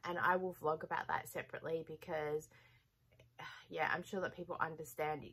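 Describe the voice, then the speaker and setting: A woman's voice: low-pitched, flat delivery, normal speed, fairly bright tone, slightly rough, rough recording. A woman vlogging to her viewers in a casual, rambling chat, laughing often as she talks. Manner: chatty, rambling, with frequent laughs.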